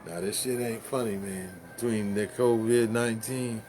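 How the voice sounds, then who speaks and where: A man's voice: fairly low pitch, steady tone, normal speed, darkish tone, a little hiss or hum. A man ranting casually to the camera, rambling and profane, stumbling over fillers and laughing at his own jokes.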